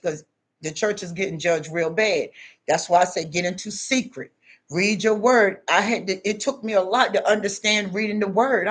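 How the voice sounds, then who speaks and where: Blunt, emphatic woman vlogging. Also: mid-range voice. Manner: blunt, emphatic storytelling with preachy asides. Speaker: spiritual vlogger. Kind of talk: casual monologue vlog.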